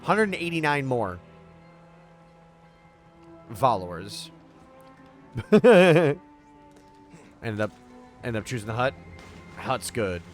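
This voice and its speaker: A man streaming a game, joking with his chat in a loose, rambling way and swearing freely. His voice sits at an ordinary middle pitch, with faint music in the background. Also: big pitch swings, drawn-out words, pauses often. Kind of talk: casual livestream chat while gaming.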